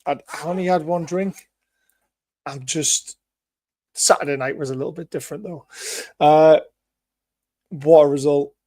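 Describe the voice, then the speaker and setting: Guy hosting a fan show, voice half gone and hoarse, a bit high, dry close mic. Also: unhurried, pauses often, no room sound. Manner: excitable, laughing, hung over. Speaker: host. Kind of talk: casual chat.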